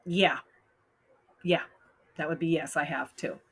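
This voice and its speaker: A woman's voice: sits low, steady tone, unhurried, fairly bright tone, husky. A woman hosting a casual advice talk, frank and blunt, often laughing as she reads out posts. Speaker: host giving advice.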